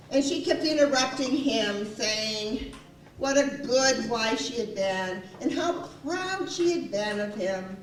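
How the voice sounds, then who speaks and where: Playing a gossipy young housemaid on a small community theater stage, a woman with a fairly high voice breathlessly retells a quarrel, acting out every quoted voice. A distant room mic picks her up, so the sound is roomy and far away, with a slight hiss or hum.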